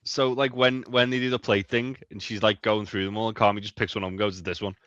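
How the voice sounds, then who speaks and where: A man's voice: fairly low pitch, level tone, quick pace, a bit bright, smooth, no echo. A man, co-hosting a casual TV recap podcast and rambling emphatically, swearing freely. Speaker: podcast co-host. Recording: dull, lo-fi, dry sound.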